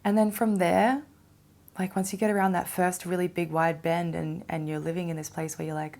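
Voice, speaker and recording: A young adult woman hosting a casual spiritual self-help podcast, animated, swearing freely and laughing often. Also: fairly low pitch, normal speed. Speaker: podcast host.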